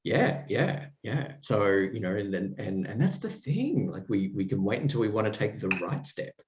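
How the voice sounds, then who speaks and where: A man's voice: lowish voice, very animated, moderate pace, background noise. A man hosting a podcast, chatting with a guest in an effusive, rambling way full of fillers and restarts. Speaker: podcast host. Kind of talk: casual chat with a guest. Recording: roomy, dull sound.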